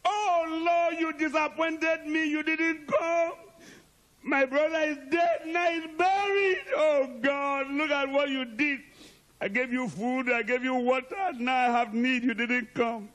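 A man's voice: very high-pitched, steady tone, unhurried, fairly bright tone, pitched above the performer's own voice, rough recording. A man crying out as a grieving, reproachful woman. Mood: anguished. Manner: wailing, reproachful. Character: grieving woman pleading with Jesus.

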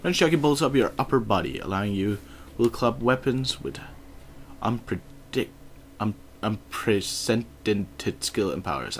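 Male gamer, lowish voice, mock-polite banter, muttered swearing, loud keyboard clatter behind. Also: animated, normal speed, background noise. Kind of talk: casual gameplay commentary.

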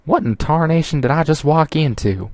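A flustered female farm pony with a homespun country way of talking, as a man reads her lines aloud. Her voice sits a little higher than his usual low tone, and the sound is dry and close. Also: expressive, moderate pace, darkish tone, no echo. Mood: startled. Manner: folksy exclamations.

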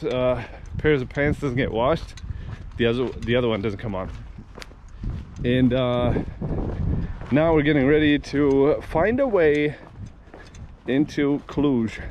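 A man's voice: medium pitch, takes it slowly, pauses often. A man from Germany, vlogging casually outdoors while he walks beside busy roads, swearing and ranting about traffic. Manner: ranting, swearing, exasperated asides. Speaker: walking vlogger. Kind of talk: casual vlog while walking.

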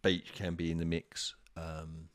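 A deep-voiced man talks through carp fishing tactics in a loose, chatty way. He wanders through his answers, pausing on ums and restarting sentences. The sound is dry and close, with no room echo. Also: monotone. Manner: rambling, with frequent ums and restarts. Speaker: carp fishing expert answering viewer questions. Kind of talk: casual live-stream chat.

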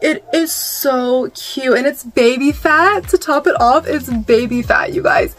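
A young woman vlogging about her clothing finds, talking casually with lots of fillers and excited squeals. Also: high voice, measured pace. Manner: bubbly and gushing, many fillers and squeals. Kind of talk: casual haul vlog.

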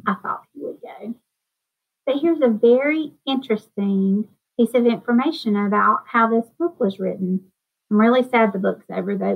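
A woman teacher reading a children's book aloud to her class, in a clear, gentle storytelling manner, then chatting about the book. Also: mid-range voice. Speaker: elementary school teacher. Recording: dull lo-fi sound.

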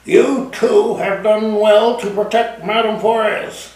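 A man's voice: steady tone, slow pace. A man doing a screeching, commanding young general. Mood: seething. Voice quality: strident, high-pitched screech. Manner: commanding, shouting. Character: shrill, furious young French general. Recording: echoey room, mic at a distance.

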